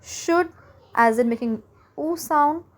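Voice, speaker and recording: A woman with an Indian English accent teaching a phonics lesson, explaining letter sounds step by step and repeating example words slowly, with frequent hesitant fillers. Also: sits high.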